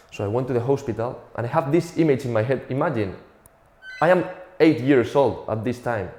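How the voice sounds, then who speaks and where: A man's voice: mid-range voice, quick pace, mellow, echoey room. A young man from Spain with a Spanish accent, telling a profane, self-mocking stand-up comedy routine.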